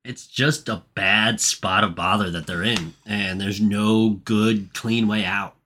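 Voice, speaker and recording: A man's voice: fairly low pitch, fairly even intonation, slow, pushed and bright, a little hiss or hum. A man co-hosting a podcast, recapping a movie in casual chat, profane and ranting with lots of filler words. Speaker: podcast co-host.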